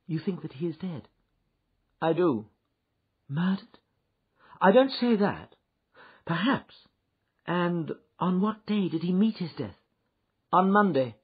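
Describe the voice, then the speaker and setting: A man reading an audiobook, voicing an anxious, eager Victorian wife who presses with insistent questions, his voice raised high. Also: big pitch swings, slow, long pauses, slightly rough, exaggerated voice. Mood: pressing. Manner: pleading and insistent. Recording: dull lo-fi recording.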